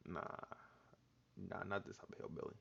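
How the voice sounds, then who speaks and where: A man's voice: normal speed, fairly bright tone, slight background noise. A man hosting a casual chat, talking loosely and jokingly with lots of slang and filler words. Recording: dull lo-fi sound.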